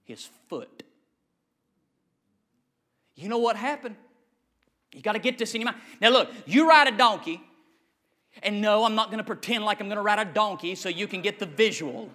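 Preacher guy, high bright voice, folksy and repetitive, goes from shouting to real quiet. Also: normal speed, long pauses. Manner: swings from shouting to low quiet asides. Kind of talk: sermon. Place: church with a congregation.

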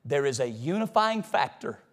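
A man preaching a sermon to his church, folksy and conversational, swinging between loud emphatic lines and hushed asides. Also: mid-range voice, very animated, moderate pace. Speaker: pastor. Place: church sanctuary.

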